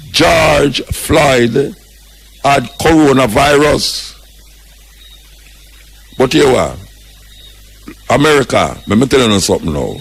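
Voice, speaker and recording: A man's voice: medium pitch, gravelly, slight background noise. An older man with a Jamaican accent, hosting a radio talk show and speaking out with impassioned, preaching commentary, mixing patois and English. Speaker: radio host.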